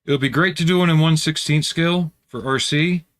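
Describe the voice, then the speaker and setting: A man's voice: a little high, a little fast. Easygoing man chatting on a livestream. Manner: relaxed, chatty, answers viewer comments while working. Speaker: livestream host building scale models. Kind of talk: casual livestream chat.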